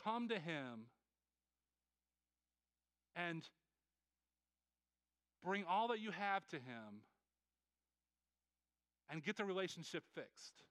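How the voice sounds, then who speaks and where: Preaching with big swings in pitch, this pastor has a high, bright male voice and pleads earnestly, often restarting quickly and repeating words. The sound is smooth and clear, miked close and dry, without any echo.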